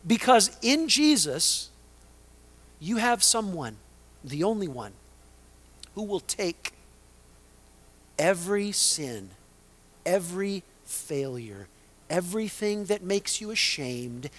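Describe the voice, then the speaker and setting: Male pastor, high voice, deliberate sermon delivery with loud-to-hushed dynamics. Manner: preaching with dramatic swings from loud to hushed.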